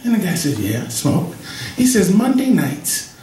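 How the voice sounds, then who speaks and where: A man's voice: on the high side, normal speed. A man in his forties telling a joke and a story at an open mic, acting out the voices of the people in it. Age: 40s. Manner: animated, jokey, acts out quoted voices. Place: cafe stage at an open mic. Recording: echoey cafe, distant mic, faint noise.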